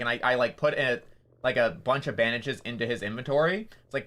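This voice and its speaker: Brief: male streamer, bright tone, loose profane storytelling. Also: mid-range voice, a little fast. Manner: rambling, profane, filler-heavy storytelling. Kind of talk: casual stream chat.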